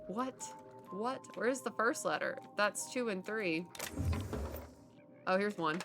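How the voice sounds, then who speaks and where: A woman giving casual let's-play commentary, chatty, reacting out loud and laughing. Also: mid-range voice, animated, takes it slowly, long pauses. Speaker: gameplay streamer. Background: game music.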